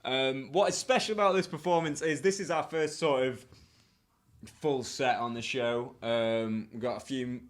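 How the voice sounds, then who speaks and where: A man's voice: medium pitch, fairly even intonation, normal speed. A man hosting a casual music interview, laid-back as he asks and sets up a performance. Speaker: host.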